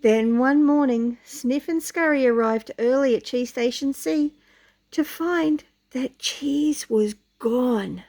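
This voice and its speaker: A woman reading a picture book aloud to young children, lively and questioning as she goes. Her voice sits fairly high but sounds mellow, with a gravelly texture. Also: slow. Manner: animated, asks the listener questions. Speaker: storyteller.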